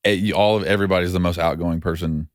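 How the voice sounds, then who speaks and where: A man, a musician guest chatting in a relaxed, joking way. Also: sits low, quick pace, no room sound, clean studio sound. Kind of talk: casual chat.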